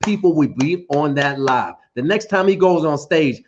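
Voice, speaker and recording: A man's voice: fairly high pitch, animated, normal speed, noisy background. Teasing, insistent man co-host, dull audio. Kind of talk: casual chat.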